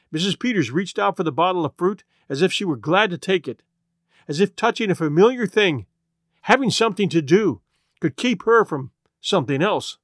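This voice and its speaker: Expressive male audiobook narrator. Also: a little high, no room sound, studio quality. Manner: expressive, dramatic storytelling.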